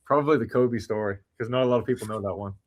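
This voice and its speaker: A man's voice: on the low side, rapid-fire, slight background noise. A young Australian man in his twenties, a basketball player, answering interview questions with short, easygoing replies in casual chat.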